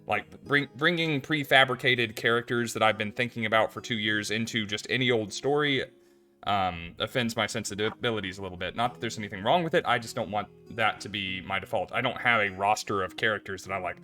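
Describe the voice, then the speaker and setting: Bright-voiced man hosting a casual chat. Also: on the low side, brisk, faint music behind. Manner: conversational, thinking aloud, self-deprecating. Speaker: podcast host.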